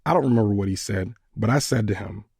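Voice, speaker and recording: A man hosting a podcast, retelling a personal story in a measured, earnest way. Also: on the low side, gravelly, a little mellow, husky, dry recording, clean studio sound.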